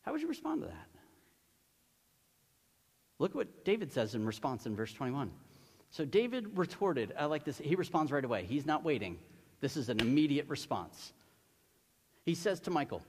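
A male pastor preaching a sermon, animated and emphatic, asking the congregation rhetorical questions. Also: a little high, normal speed, long pauses, breathy edge. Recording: long hall reverb.

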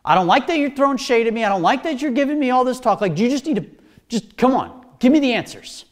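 A preacher voicing Pilate as a proud, irritated governor who brags and demands answers loudly. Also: medium pitch, lively intonation, quick pace, voice pushed up, lightly acted. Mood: boastful.

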